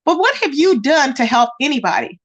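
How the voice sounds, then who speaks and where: A woman hosting a livestream, chatting in a sassy, drawn-out way, greeting viewers and gossiping straight to her chat. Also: high voice, big pitch swings. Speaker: livestream host. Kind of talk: casual gossip commentary.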